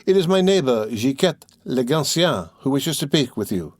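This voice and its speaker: A man's voice: medium pitch, big pitch swings, normal speed, dry recording, studio quality. A man voicing a shy, easily flustered young woman in a storybook reading. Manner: easily confused.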